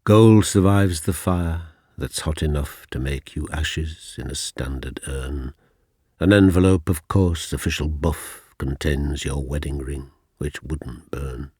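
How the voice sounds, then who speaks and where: Male poet, husky, unhurried delivery. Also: a bass voice, a little mellow, no room sound, clean studio sound. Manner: slow, deliberate, dropping to near-whispers. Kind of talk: poetry reading.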